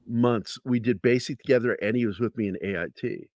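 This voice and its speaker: A man's voice: mid-range voice, steady tone, brisk, a little mellow, dry recording, muffled recording. A man, a comic book artist, telling an anecdote casually with profanity and restarts in a livestream interview. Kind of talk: casual storytelling.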